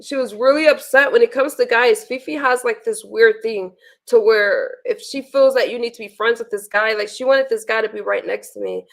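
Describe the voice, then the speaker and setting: A woman's voice: fairly high pitch, big pitch swings, moderate pace, gravelly. A woman hosting a casual livestream, venting bluntly with profanity and frequent restarts. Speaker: livestream host.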